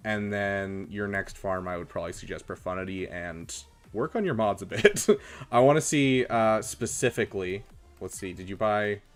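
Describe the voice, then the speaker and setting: Laid-back young male streamer, lowish voice. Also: normal speed, soft background music. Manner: relaxed, chatty, many fillers, gives advice. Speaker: streamer reviewing viewers' game rosters. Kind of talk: casual live-stream chat.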